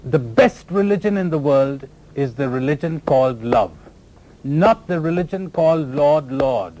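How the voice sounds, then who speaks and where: Male spiritual teacher, animated storyteller with a lively, fairly high voice. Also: measured pace, low-quality recording. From India. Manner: animated storyteller, laughs at own jokes.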